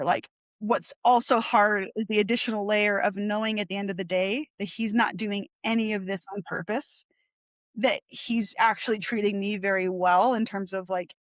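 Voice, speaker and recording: A young woman telling a personal story as a podcast guest, rambling with lots of 'like' and acting out the voices she quotes. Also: no echo. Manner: rambling, heavy use of 'like', animated retelling; acts out quoted voices with sharp pitch jumps. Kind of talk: candid conversational interview.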